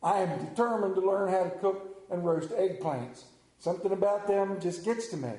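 A preacher tells folksy stories from the pulpit, his delivery lively until he slows down and lowers his voice to drive a point home. The room has a noticeable echo.

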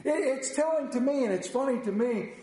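A middle-aged man preaching a sermon to his congregation, telling stories in an animated way and putting questions to the room. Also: very high-pitched, a little fast. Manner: animated storytelling, acts out voices, asks the congregation questions. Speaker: pastor. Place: church. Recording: echoey church room.

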